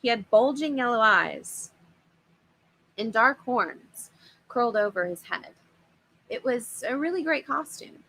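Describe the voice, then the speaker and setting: A woman reading a children's horror book aloud in an expressive, animated way. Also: on the high side, a little slow, creaky, long pauses, poor audio. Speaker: storyteller.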